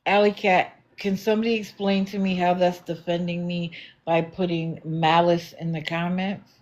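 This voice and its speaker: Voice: medium pitch, flat delivery, moderate pace. A livestream host talking back to viewers in the comments, challenging and sarcastic.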